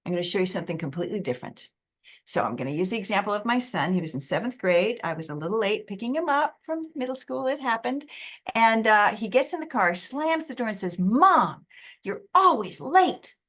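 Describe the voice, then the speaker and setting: A middle-aged woman giving a motivational webinar talk, acting out quotes in an animated way. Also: mid-range voice, fast talker. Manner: lively, animated, acts out quotes. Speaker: presenter.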